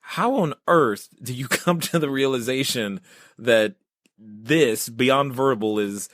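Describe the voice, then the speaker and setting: A man's voice: medium pitch, takes it slowly, fairly bright tone, no room sound, clean studio sound. A man hosting a podcast interview, interjecting eagerly and laughing between his questions. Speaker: podcast host.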